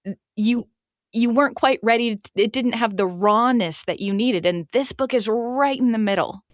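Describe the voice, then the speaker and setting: A woman hosting an interview, thoughtful, reading passages aloud and asking gentle questions. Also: on the high side, normal speed, no room sound, clean studio sound. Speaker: podcast host. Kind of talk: interview conversation.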